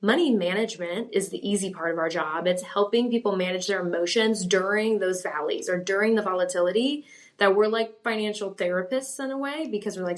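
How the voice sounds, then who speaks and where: A woman's voice: mid-range voice, brisk. A woman financial planner, a guest on a podcast, explaining and advising with many fillers. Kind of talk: casual interview conversation.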